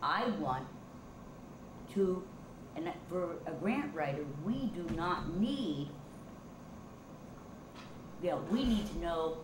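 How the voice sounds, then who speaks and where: A woman's voice: fairly low pitch, expressive, slow pace, long pauses. A woman board member at a public town meeting, insistently pressing her motion. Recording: distant echoey noisy meeting room recording.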